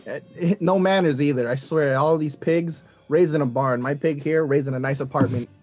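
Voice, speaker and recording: A man's voice: fairly high pitch, moderate pace, a little mellow, faint music behind. A man playing a tabletop game, cracking jokes and narrating his character's moves. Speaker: player. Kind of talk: tabletop game play, joking.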